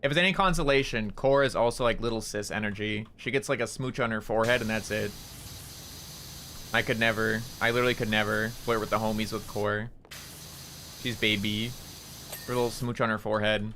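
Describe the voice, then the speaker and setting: A young male streamer with a bright, forward voice, talking to his chat while he plays. He rambles from joke to joke and swears freely, with a faint hum of game sound and noise behind him. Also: lowish voice, fairly even intonation, brisk, poor audio. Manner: rambling, profane and joking.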